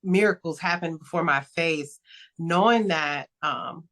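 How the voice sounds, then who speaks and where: A woman's voice: lowish voice, measured pace, fairly bright tone. A young adult woman speaking as a podcast guest in casual interview chat, earnest and reflective, with many fillers.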